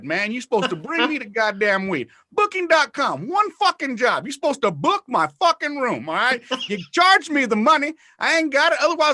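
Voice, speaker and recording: A male road comic riffs on a video call. His voice sits high, bright and ringing. It swings all over the place as he rants, curses and acts out the people in his stories. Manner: profane, animated ranting with acted-out voices. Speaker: stand-up comic. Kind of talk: virtual comedy show banter.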